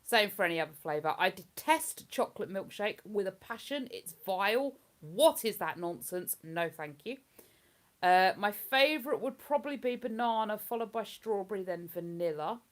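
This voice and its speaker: Live-stream host: woman, London-area English accent, chatty and rambling, mid-pitched voice. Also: animated, moderate pace. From England. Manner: chatty, rambling, reads out viewer comments. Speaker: livestream host. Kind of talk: casual live-stream chat.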